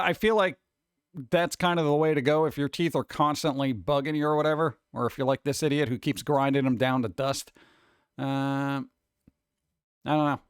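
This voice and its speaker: Male stream host, casual and self-mocking chat; smooth, dry close-mic sound. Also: fairly high pitch, dry recording. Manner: rambling, joking, self-deprecating. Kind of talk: casual chat reading viewer comments.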